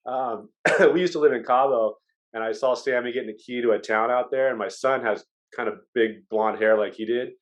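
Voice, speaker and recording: A man chatting as a podcast guest, telling lively stories and acting out what people said. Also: medium pitch, brisk. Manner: lively storyteller who acts out quotes. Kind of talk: casual chat.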